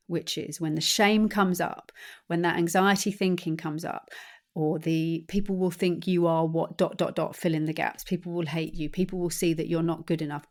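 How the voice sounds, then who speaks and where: A woman hosting a solo podcast, coaching listeners in a calm, deliberate way that often slows and softens. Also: lowish voice. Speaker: podcast host. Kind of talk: solo podcast talk on anxiety.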